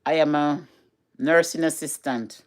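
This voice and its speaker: A woman's voice: sits low, steady tone, measured pace. A middle-aged Jamaican woman with a Jamaican accent, chatting casually to camera in a vlog from home, repeating herself and slipping into patois. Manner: chatty, repetitive, switches into patois. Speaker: vlogger.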